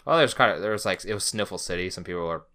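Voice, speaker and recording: Homem grave e falador, voz brilhante. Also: male voice, low-pitched, lively intonation, very fast, pushed and bright. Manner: rambling storyteller, swears a lot. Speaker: podcast co-host. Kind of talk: casual podcast chat.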